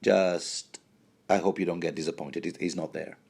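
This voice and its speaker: A man's voice: sits low, fairly even intonation, moderate pace, vocal fry, darkish tone, husky. A man hosting a rambling, jokey book commentary, often stumbling and restarting mid-sentence.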